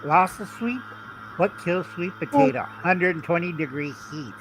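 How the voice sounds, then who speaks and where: A man's voice: high voice, animated, moderate pace, fairly bright tone, low-quality recording. Guest caller, male, rambling and listing, faint room noise behind him. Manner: rambling, lists things off. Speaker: chat guest. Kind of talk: casual chat.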